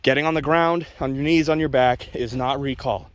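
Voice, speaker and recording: A man speaking to camera outdoors as a dog trainer, blunt and opinionated in a casual vlog way. He talks straight to his viewers at an everyday pitch. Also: steady tone, normal speed, smooth, no echo.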